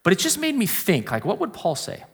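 A man preaching a conversational sermon, animated, jumping between loud exclamations and hushed, low emphasis. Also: a little fast, slightly rough.

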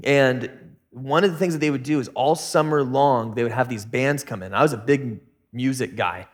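A man preaching a casual sermon, telling stories in a relaxed, joking, slangy way. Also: medium pitch, normal speed. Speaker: pastor.

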